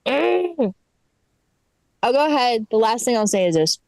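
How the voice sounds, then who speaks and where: A woman's voice: fairly high pitch, animated, fast talker, a little mellow, dry recording, low-quality recording. Sarcastic woman doing stand-up. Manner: sarcastic, exasperated, swears, acts out callers. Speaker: stand-up comedian. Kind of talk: stand-up set. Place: comedy club stage.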